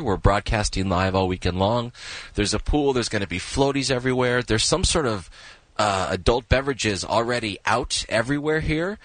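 A man reporting live for a radio show in casual banter, excitable and rambling, laughing easily. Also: medium pitch, no echo.

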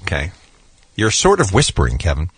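A man hosting a casual radio chat in a studio, teasing his co-host and quick to laugh. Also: sits low, huge pitch swings, breathy edge, no echo.

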